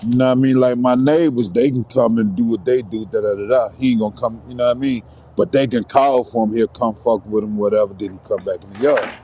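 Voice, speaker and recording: A man's voice: medium pitch, steady tone, fast, mellow, husky. A man talking bluntly in slangy, matter-of-fact casual chat. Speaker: regular panelist. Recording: muffled lo-fi audio with faint noise.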